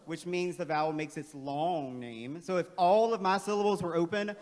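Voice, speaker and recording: A man leading a playful, energetic, interactive staff training workshop in a large auditorium. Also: fairly high pitch, moderate pace. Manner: playful, energetic, calls on the crowd. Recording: long hall reverb.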